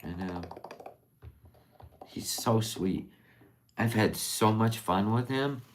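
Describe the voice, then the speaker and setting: A woman's voice: extremely low pitch, slow pace, slight background noise. A middle-aged woman hosting a casual livestream. She talks tenderly and openly emotionally, rambling and trailing off mid-sentence. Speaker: livestream host.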